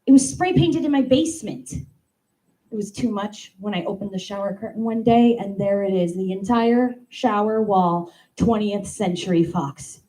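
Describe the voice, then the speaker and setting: Female comic, 30s, warm low-key tone, lively storyteller who acts out every quote. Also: moderate pace, rough recording. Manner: animated, acts out quoted voices, playful asides. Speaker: comedian doing a stand-up bit. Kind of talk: stand-up comedy monologue.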